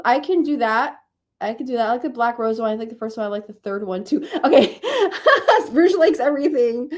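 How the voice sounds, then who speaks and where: A woman's voice: fairly high pitch, a little mellow. Woman streamer, casual and chatty, a bit sleepy, laughs easily while brainstorming with chat. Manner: chatty, laughs often, thinks aloud. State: sleepy, yawning. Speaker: streamer hosting reading sprints.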